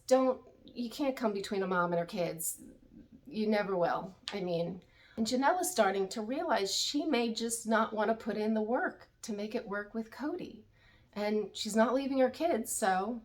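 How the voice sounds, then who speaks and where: A woman hosting a YouTube recap channel, chatting candidly and with opinions about a reality TV show. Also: medium pitch. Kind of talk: casual chat.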